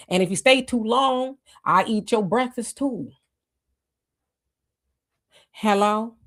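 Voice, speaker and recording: Chatty woman livestream host. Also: a little high. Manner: chatty, greets commenters, frequent restarts and laughs. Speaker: livestream host reading chat. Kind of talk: casual live-chat commentary.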